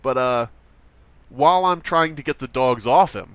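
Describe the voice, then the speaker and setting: A man hosting a let's play, telling stories in casual chat, animated and swearing freely. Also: mid-range voice, normal speed, smooth, no echo. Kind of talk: casual chat while gaming.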